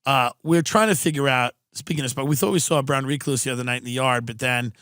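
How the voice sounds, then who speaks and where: In a mid-range, clean-toned voice and at a quick pace, a podcast host in Southern California chats through comedic stories. He curses, stays animated, and does voices for the people he quotes; the studio-quality audio carries no room sound.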